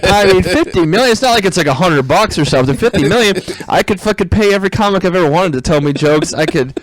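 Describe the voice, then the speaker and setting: A man's voice: sits high, lively intonation, quick pace, no room sound. A man, a comedian guest on a podcast, chatting casually with rambling, profane, self-mocking remarks.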